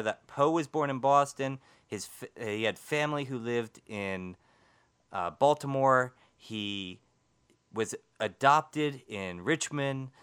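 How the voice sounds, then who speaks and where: A man's voice: mid-range voice, a bit bright, smooth. A man co-hosting a paranormal talk radio show, chatting casually and a bit rambling, often stumbling over his words.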